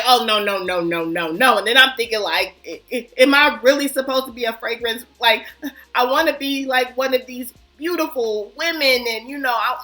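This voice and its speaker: A woman fragrance vlogger chatting casually to her viewers, animated and self-mocking. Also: sits high. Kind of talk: casual chat to camera.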